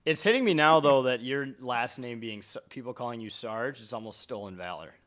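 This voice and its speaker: A man from Minnesota hosting a casual interview, upbeat and jokey with quick reactions. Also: mid-range voice, a bit bright. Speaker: podcast host.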